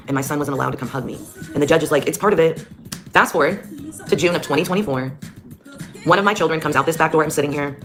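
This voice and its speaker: A woman telling her own story as a mother in a blunt, heated way, with heavy swearing. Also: deep voice. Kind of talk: personal storytelling. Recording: clear music behind the voice. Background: music.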